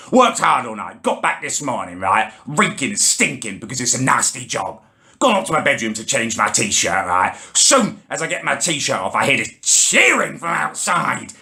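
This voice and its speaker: A young man rants indignantly to camera, his voice climbing into shouts. His tone is gravelly and bright. His pitch leaps widely as he gets worked up. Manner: indignant, shouting ranting with Northern English slang. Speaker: comedy channel host. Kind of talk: comedic rant to camera.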